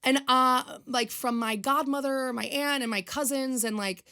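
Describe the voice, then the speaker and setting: A woman's voice: high-pitched, steady tone, moderate pace, few pauses, pushed and bright. A young woman, chatting on her own podcast in a rambling, confessional, emotional way. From Long Island, New York. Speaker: podcast host. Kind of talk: casual solo podcast chat.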